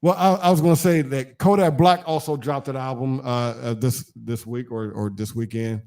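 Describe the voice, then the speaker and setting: A man with a mid-pitched voice, co-hosting a casual live-streamed chat. He speaks in a laid-back, halting way, often restarting his sentences. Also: fairly even intonation, creaky, a little mellow. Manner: hesitant, many uh fillers and restarts, laid-back. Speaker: co-host.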